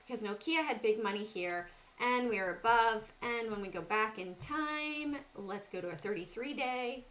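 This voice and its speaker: A woman's voice: a little high, moderate pace, a bit bright. A middle-aged woman with a Southern US accent hosting a casual trading livestream, talking through charts and greeting chat viewers by name.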